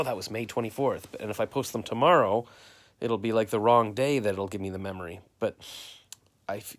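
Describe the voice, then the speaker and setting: A Canadian man rambling through a story of his day on a live stream, quoting everyone with "I'm like" and "he's like.". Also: fairly low pitch. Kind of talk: casual live-stream chat.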